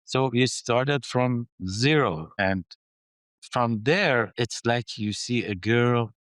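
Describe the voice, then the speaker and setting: A man's voice: mid-range voice, slow pace, no room sound. A man, a mining company's chief executive, telling stories in a podcast interview, acting out the dialogue and using non-native phrasing. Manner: animated storyteller who acts out dialogue.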